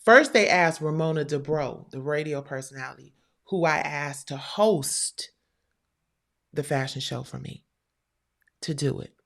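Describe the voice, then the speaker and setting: A middle-aged woman hosting her own show, telling a heated personal story to viewers, animated and profane, with quoted voices. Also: low voice, unhurried, gravelly, long pauses.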